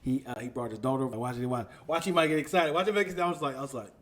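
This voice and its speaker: A man's voice: medium pitch, rapid-fire. A young adult man co-hosting a podcast, chatting casually and acting out the people in his stories. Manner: animated storytelling, acts out quoted friends. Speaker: podcast co-host. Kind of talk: casual chat.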